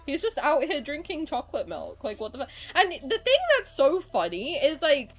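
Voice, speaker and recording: A woman in her twenties chatting casually on a stream, answering chat in an animated way, swearing freely and swinging between low mumbles and loud outbursts. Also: moderate pace, soft background music. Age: 20s.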